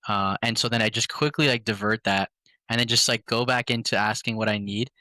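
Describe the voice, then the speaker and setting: A man tells stories from his sales calls in a loose, slangy way, acting out both sides of each call. His voice is bright and forceful. The sound is dry and close. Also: on the low side, a little fast, dry recording. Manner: animated storytelling, quotes his calls in voices; slangy, says "bro" often. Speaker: podcast guest. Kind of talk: casual chat.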